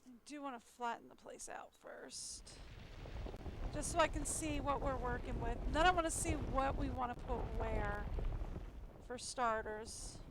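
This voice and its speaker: Woman streamer, high voice, dry sarcastic live commentary over noisy game sound. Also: unhurried. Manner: chatty, wry and sarcastic.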